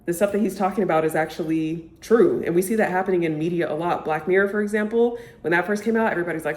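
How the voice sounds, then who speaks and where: A woman's voice: lowish voice, fast, few pauses, a little mellow. A young woman vlogger chatting casually about books she loves, gushing and peppering her talk with "like". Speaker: book vlogger. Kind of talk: casual chat to camera. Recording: echoey room.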